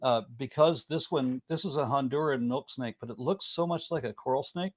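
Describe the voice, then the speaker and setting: A man hosting a discussion, relaxed as he reads out viewer comments. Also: medium pitch, normal speed. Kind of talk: casual discussion.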